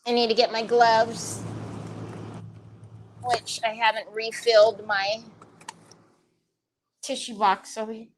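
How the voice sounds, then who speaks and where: A woman hosting a casual crafting livestream, chatty and excitable, thinking aloud as she works and tossing in playful made-up phrases. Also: on the high side, slow, pauses often.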